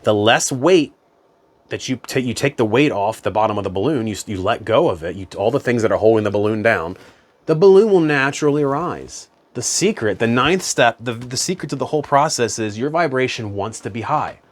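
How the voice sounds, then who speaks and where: A man's voice: mid-range voice, animated, a little fast. A man talking as a spiritual self-help coach in a casual, conversational monologue, often saying "you know" and "man".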